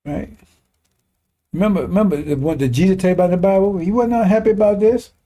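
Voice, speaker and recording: A man's voice: sits high, fast, dark tone. A man preaching in a colloquial, impassioned way, reading scripture and adding mocking asides. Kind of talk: sermon commentary on scripture.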